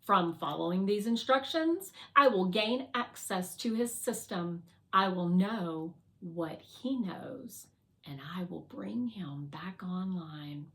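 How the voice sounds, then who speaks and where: A woman narrating a children's novel aloud in a slow, clear, deliberate reading. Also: fairly low pitch, animated, a bit bright. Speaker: read-aloud reader.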